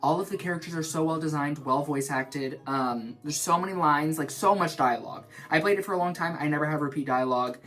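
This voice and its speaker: A young man vlogging in his shower, rambling in an animated, self-mocking way. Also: a little high, fairly quick, few pauses. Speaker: vlog host. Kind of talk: rambling stream-of-consciousness chat. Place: in the shower at home.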